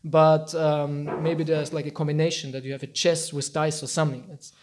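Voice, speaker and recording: High-voiced man telling an animated story. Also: moderate pace, noisy background. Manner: animated, acts out quotes, laughs often. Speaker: teacher giving a talk. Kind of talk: informal storytelling talk.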